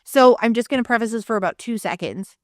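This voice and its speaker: A woman's voice: a little high, fast, no room sound, clean studio sound. A woman in her thirties co-hosting a podcast, telling a personal story candidly and with frequent swearing. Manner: frank, swears freely, animated retelling. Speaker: podcast co-host.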